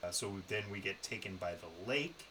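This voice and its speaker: Relating a road trip on a podcast he co-hosts, this man is loose, casual and profane. He speaks at a moderate pace in a low, expressive voice with a sharp tone, over rough audio with slight hiss or hum.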